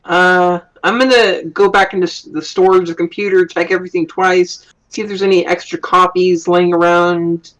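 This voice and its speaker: A man's voice: high-pitched, little pitch movement, normal speed, hardly any pauses, a bit bright, rough recording. A man playing a tabletop game, reacting in character in short bursts. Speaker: player. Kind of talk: casual tabletop play.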